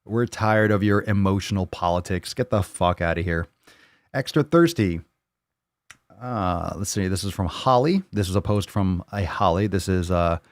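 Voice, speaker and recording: A man with a low, creaky voice rants at a moderate pace while hosting a live fitness Q&A stream from home on a video call. He's blunt, fired up, and swears freely, and the sound is clean and studio-grade with no room noise.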